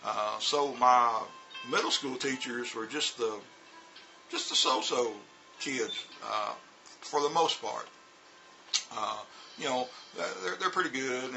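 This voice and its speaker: Bright-voiced man rambling on camera. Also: medium pitch, measured pace, gravelly, faint music behind, rough recording. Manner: rambling, repeats words, frequent fillers. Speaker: vlogger and former teacher in China. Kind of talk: casual spoken monologue.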